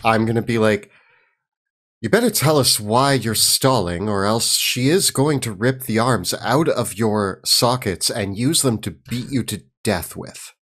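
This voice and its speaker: A man's voice: on the low side, unhurried, fairly bright tone. A man playing a tabletop game, giving direct, firm orders in character. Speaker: player. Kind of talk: casual tabletop play.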